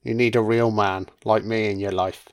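A man's voice: fairly low pitch, little pitch movement, normal speed, lightly acted. A man voicing a smug, scheming sheriff, boastful and crude, in a sneering mocking tone.

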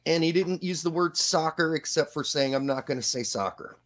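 A man hosting a casual live podcast chat, relaxed and quick to hand the floor to his co-hosts. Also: on the high side. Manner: relaxed, hands off the turn to co-hosts. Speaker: podcast host.

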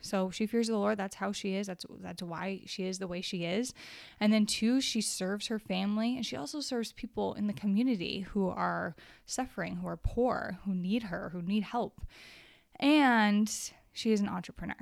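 A woman's voice: mid-range voice, moderate pace, creaky, no echo, studio quality. A young woman teaching a casual devotional Bible study, earnest and conversational, reading verses aloud.

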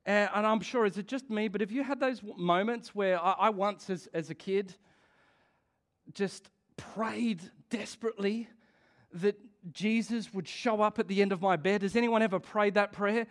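High-voiced man preaching a chatty sermon. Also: normal speed. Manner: conversational, asks the congregation questions, laughs often. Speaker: pastor.

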